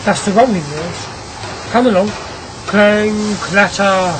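A narrator voicing a brisk, commanding ironworks owner. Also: mid-range voice, background noise, natural voice. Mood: eager. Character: ironworks owner, a grim restless man. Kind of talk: audiobook character reading.

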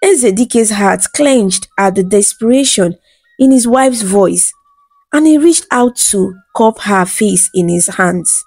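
A woman narrating a bedtime folktale in a smooth, even storytelling read. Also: medium pitch, slow pace, no room sound, faint music behind.

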